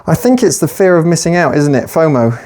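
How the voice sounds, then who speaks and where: A man's voice: fairly high pitch, animated, brisk, a little mellow. A man, a personal trainer, ranting casually and profanely while working out at the gym. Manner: profane, rambling, sarcastic. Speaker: personal trainer and fat-loss vlogger. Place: gym during a workout.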